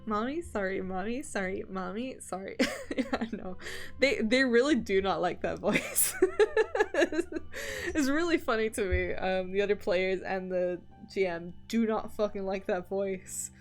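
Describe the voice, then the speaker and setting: A young woman chats casually on a drawing stream, rambling through her thoughts with plenty of ums and likes. She laughs often and swears without a second thought, her voice sitting at an ordinary middle pitch. Faint music plays quietly behind her. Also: a little slow.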